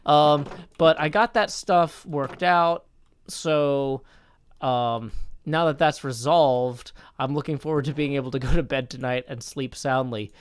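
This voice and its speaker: A man's voice: medium pitch, a little slow, clear, resonant tone, no room sound. A tired man chatting casually on a live stream, rambling and correcting himself as he reads out chat. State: tired from little sleep.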